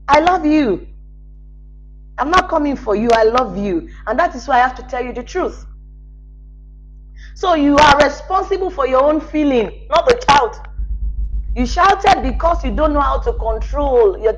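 A woman's voice: a little high, muffled recording. A woman giving a spoken parenting lesson as a coach, talking directly to parents in a scolding yet reassuring way and laughing often.

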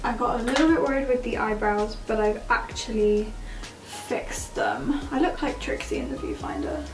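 A young woman chatting excitably and giggling through a casual makeup vlog at home. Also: on the high side, normal speed. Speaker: makeup vlogger. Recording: roomy, distant mic with background music.

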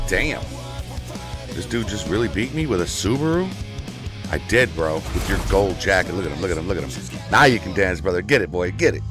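Streaming a racing game, a low-voiced man chats casually with his viewers. He's excitable and tends to shout suddenly into his desk microphone.

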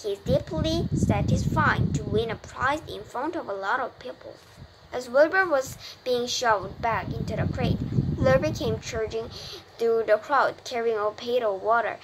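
A woman's voice: fairly high pitch, a little slow. Woman reading a novel aloud, stumbling on words. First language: Korean. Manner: careful reading with restarts on hard words. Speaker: parent reading to a child. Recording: noisy home recording.

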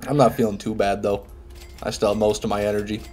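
A man's voice: fairly low pitch, little pitch movement, quick pace, a little mellow, faint music behind. A young man streaming a game live, chatting casually with viewers, reading chat aloud and swearing now and then, while sick with a head cold. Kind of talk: casual live gameplay commentary.

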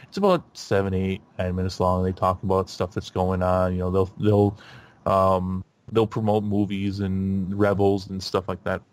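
Rambling, excitable man chatting on a podcast. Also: low-pitched, moderate pace. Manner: rambling, animated, many fillers and restarts. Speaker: podcast host. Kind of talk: casual chat.

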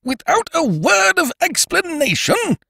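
A man putting on an excitable blustering schemer. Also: extremely high pitch, a little slow, creaky, no room sound, clean studio sound, voice pushed up, heavily acted. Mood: indignant. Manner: stammering, indignant outbursts. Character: blustering young English male schemer, excitable.

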